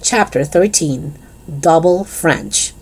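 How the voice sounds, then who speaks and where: A woman reading a children's chapter book aloud in an expressive, lively storytelling manner. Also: low-pitched, takes it slowly, vocal fry, husky, faint music behind.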